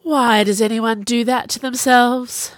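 A clever, haughty young woman with a cross, cutting way of speaking, as the narrator puts her on. Her lines come out sharp and impatient, recorded close and dry. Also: on the low side, very animated, moderate pace, no echo. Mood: snappish. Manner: cross, snappish.

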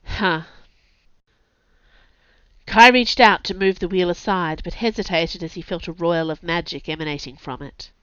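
A woman reads her own story aloud, lively and expressive, with a lowish but bright, forceful voice. She hosts her own podcast. The sound is dry and close, and a bit dull and lo-fi. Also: normal speed, long pauses, clear, resonant tone, no echo. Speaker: author and podcast host. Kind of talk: scripted audiobook narration.

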